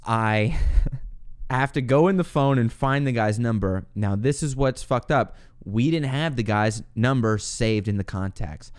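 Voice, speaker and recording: A young man hosting a podcast, telling a long personal story in a casual, animated way, laughing often and acting out what he said back then. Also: medium pitch, unhurried, clear, resonant tone. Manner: animated, laughs often, acts out his own past lines. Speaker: podcast host.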